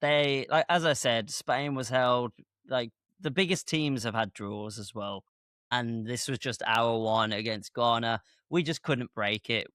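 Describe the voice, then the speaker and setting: A man co-hosting a football podcast, talking through his points in a measured, reasoning way. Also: medium pitch, a bit bright, clear, resonant tone, dry recording, studio quality. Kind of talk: casual football chat.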